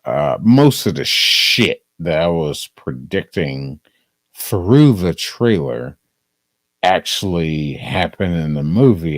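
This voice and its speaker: A man's voice: low voice, very animated, takes it slowly, no room sound. A man streaming a casual, profane movie review, rambling and leaning on "um" and "uh". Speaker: live streamer.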